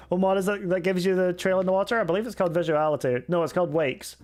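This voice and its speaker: A young Scottish man streams a game and chats casually, reading out viewer messages and answering them with a self-mocking humor. His voice sits high and is a little mellow, and faint music plays in the background.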